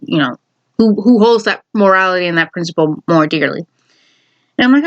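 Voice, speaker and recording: A woman from Chicago telling a family story in casual vlog style, animated and laughing, often correcting herself mid-sentence. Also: lowish voice, a little fast. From Chicago, USA. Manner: animated, laughing, self-correcting, acts out quotes. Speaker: vlogger. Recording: dull lo-fi recording.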